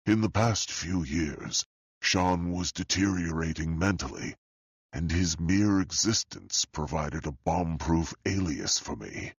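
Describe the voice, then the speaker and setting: A man voicing a sinister, wealthy older male tech mastermind in an audiobook, speaking slowly and calmly with a deep, husky, gravelly voice. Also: no room sound, clean studio sound, exaggerated voice. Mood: cold, calm. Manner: slow, calm and menacing. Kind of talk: audiobook character voice.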